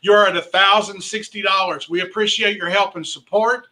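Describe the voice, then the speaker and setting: A man working as an auctioneer at a charity party, calling out bids and teasing bidders in a playful, excitable way. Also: sits high, moderate pace, background noise. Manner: calls rising bid amounts.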